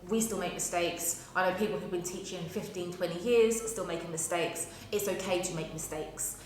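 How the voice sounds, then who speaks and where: Reassuring woman teacher, lowish voice. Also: fairly even intonation, fairly quick, a little mellow. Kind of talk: casual advice talk. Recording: very roomy room, faint noise.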